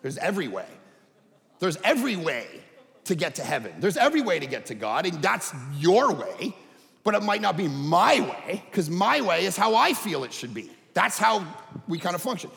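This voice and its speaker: Animated pastor, high lively voice. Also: male voice, normal speed, creaky. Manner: animated, conversational, swings from hushed to shouting. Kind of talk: sermon. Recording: echoey hall reverb.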